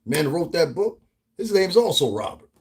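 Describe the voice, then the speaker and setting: Husky profane man ranting on a vlog. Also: on the high side, normal speed. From Northeastern United States. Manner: profane, animated, laughs often, acts out quotes. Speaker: vlogger commentator. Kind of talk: casual commentary rant.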